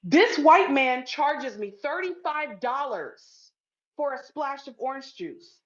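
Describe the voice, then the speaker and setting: A woman's voice: sits high, animated, slow pace. A woman telling a story to camera in a blunt, profane, emphatic way. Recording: dull lo-fi sound.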